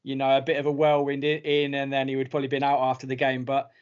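A man's voice: medium pitch, completely flat delivery, quick pace, smooth. A man interviewing a guest, asking questions hesitantly and correcting himself as he goes. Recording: dull lo-fi recording.

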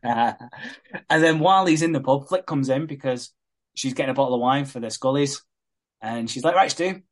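A man's voice: mid-range voice, normal speed. Sweary man recapping with gusto. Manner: animated retelling, swears a lot, laughs often. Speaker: podcast co-host recapping a soap. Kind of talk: casual sweary chat.

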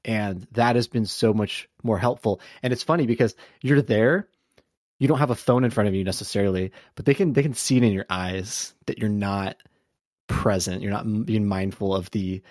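A man's voice: lowish voice, normal speed, darkish tone, dry recording, studio quality. A man hosting a podcast interview, asking questions in a thoughtful, searching way with hesitant restarts. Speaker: podcast host.

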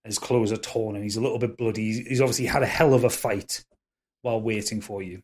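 A man's voice: on the low side, fairly even intonation, a little mellow. A man narrating a tabletop game as game master, often restarting and stumbling over words. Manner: halting, many restarts and fillers.

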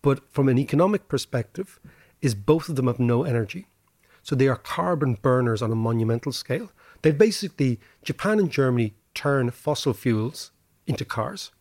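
An Irish man hosting a podcast, explaining history and economics in animated casual chat, often tagging his points with "right?". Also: medium pitch, normal speed, no room sound, studio quality. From Ireland. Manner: animated lecturing, rhetorical "right?" tags. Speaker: podcast host.

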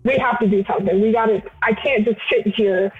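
A woman's voice: mid-range voice, fairly quick, breathy edge, faint music behind. A woman guest in casual interview chat, candid and laughing, swearing freely. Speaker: podcast guest. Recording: tinny phone-like line.

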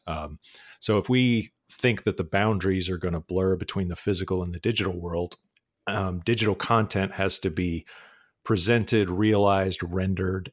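A male podcast host with a low-pitched voice speaks from a remote mic. He talks casually, relaxed and chatty. He leans on ums as he sets up the topic and questions for his guests. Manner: relaxed, chatty, laughs easily, frequent ums. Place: North Texas.

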